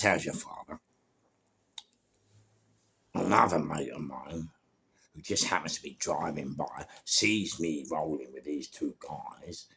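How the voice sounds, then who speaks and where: A man's voice: extremely low pitch, gravelly, a little hiss or hum. A middle-aged man, telling a rambling, slangy anecdote and repeating himself as he goes. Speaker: storyteller.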